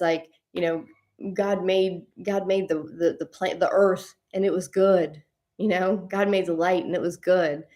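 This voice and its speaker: A woman with a lowish, darkish voice hosts a spiritual journey series. She tells a personal story casually, rambling, restarting often and laughing along the way.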